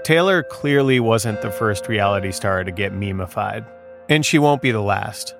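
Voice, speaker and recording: A man co-hosting a podcast, narrating a script with measured, pointed commentary. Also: lowish voice, lively intonation, gravelly, music in the background. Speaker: podcast co-host.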